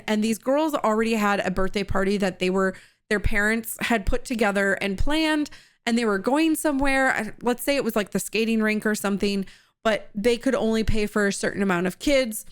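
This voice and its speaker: A woman's voice: medium pitch, clear, resonant tone. A woman in her thirties, a coaching host, telling personal stories in a candid, conversational way with some laughs. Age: 30s.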